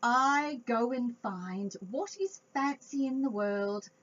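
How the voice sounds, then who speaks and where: A woman reading a picture book aloud to young children, expressive and chatty with her listeners. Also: fairly high pitch, takes it slowly, faint music behind. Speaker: children's storytime reader. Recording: dull lo-fi home recording.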